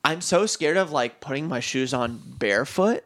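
A man's voice: mid-range voice, lively intonation, moderate pace, fairly bright tone. A man co-hosting a podcast, telling a story in a rambling, profane way, full of "you know" and "like.". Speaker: podcast co-host. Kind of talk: casual chat.

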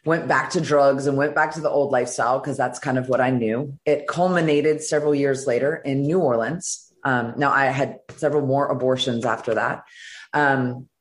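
A middle-aged woman from Virginia, a guest telling her personal story in an interview, earnest and halting with many fillers. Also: a bass voice, steady tone. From Virginia, United States.

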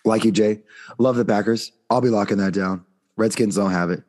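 A man hosting a casual sports betting chat, upbeat and leading the segments, his voice going hoarse. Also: fairly low pitch, normal speed, a little mellow. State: losing his voice. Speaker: podcast host.

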